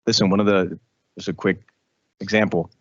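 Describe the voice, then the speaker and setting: A man, a radio host, talking as a guest in a casual interview, animated, with frequent restarts and repetitions. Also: deep voice, moderate pace, dry recording, muffled recording.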